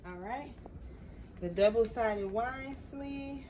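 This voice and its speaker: A woman's voice: fairly high pitch, slow pace, dark tone, a little hiss or hum, poor audio. A young adult woman chatting casually to her viewers while working on a craft project, reacting openly as she goes. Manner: chatty, talks to viewers as "y'all", emotional reactions. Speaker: crafting vlogger.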